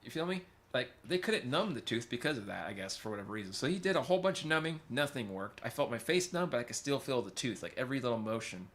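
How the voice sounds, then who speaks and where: A man's voice: mid-range voice, very animated, fast talker, few pauses, fairly bright tone. A man hosting a livestream, telling rambling stories to chat and getting sidetracked as he answers comments. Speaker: livestream host. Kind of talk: casual storytelling to chat.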